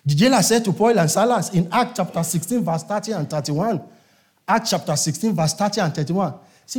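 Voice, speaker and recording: Emphatic high-voiced male preacher. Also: a little mellow. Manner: emphatic, repetitive preaching with calls to the congregation. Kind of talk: sermon.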